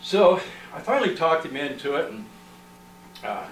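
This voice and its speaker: A man's voice: on the high side, big pitch swings, normal speed. A man telling an audience a long story, rambling along with many "uh" and "you know" fillers. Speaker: researcher presenting findings. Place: library meeting room. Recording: roomy, distant, with faint noise.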